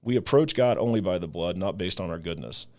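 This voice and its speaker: A man's voice: low voice, a little fast. Earnest man in a casual faith talk. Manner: earnest, animated, acts out quoted voices. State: emotional, voice catching. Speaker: ministry leader and podcast co-host.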